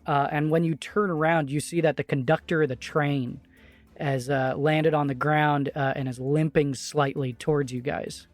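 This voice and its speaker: A man narrating as game master of a tabletop role-play game, casual and halting, with lots of fillers and laughs. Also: a little high, steady tone, dry recording, faint music behind.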